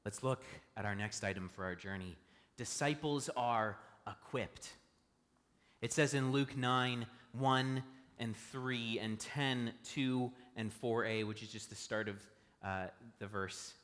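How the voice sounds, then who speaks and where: A man's voice: mid-range voice, takes it slowly, fairly bright tone. Conversational male pastor in a reverberant hall. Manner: conversational, asks the congregation questions. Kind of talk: sermon. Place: church stage.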